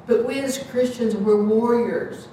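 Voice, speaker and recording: Woman, informal church sermon and prayer, earnest, emphatic, conversational, booming church echo, mic at a distance. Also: unhurried, dark tone, slight background noise. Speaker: lay preacher leading prayer. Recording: echoey hall, mic far off.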